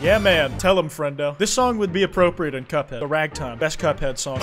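A man's voice: sits high, expressive, a little fast, few pauses, music in the background. A man giving joking, profane gaming commentary, reacting jumpily as he plays. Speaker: streamer.

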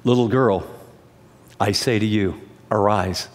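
A man voicing Jesus as a calm, commanding man who is quiet and firm. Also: lowish voice, slow, in a large hall, pitched below the performer's own voice. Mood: solemn.

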